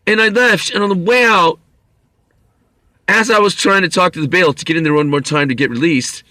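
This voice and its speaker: A man's voice: high voice, brisk, bright, forceful tone, no echo. A man telling a long, rambling story to camera, profane and wry. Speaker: vlogger. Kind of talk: rambling monologue.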